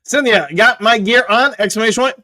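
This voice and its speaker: Dude running a fan livestream, reads chat out loud, lots of uhs, kinda high voice. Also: male voice. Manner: chatty, reads viewer comments aloud and answers them; loose, with frequent "uh" and quick self-corrections. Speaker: livestream host. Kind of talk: casual live-chat sports talk.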